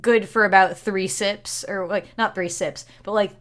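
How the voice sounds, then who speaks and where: A woman's voice: mid-range voice, fairly even intonation, normal speed, fairly bright tone. A woman narrating a tabletop roleplay as game master, rambling and correcting herself as she goes. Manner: rambling, self-correcting, giggly.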